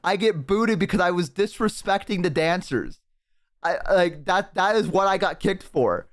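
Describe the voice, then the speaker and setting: A man streaming from a headset mic, telling his chat a story in a loose, swear-heavy way. He keeps breaking into big, loud laughs, and his voice sits a little high for a man. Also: lively intonation, normal speed. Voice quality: profane, laughs hard and loud.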